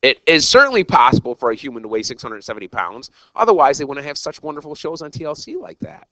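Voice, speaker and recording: A man's voice: mid-range voice, big pitch swings, fast, sharp tone, no echo, poor audio. A man teaching a recorded algebra lesson, talking straight to his students in an exuberant, jokey, self-mocking way. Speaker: math teacher.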